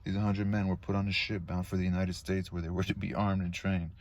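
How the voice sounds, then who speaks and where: A man's voice: low voice, level tone, fairly quick. A man reading a novel aloud in a casual, unpolished way, stumbling on words and adding asides.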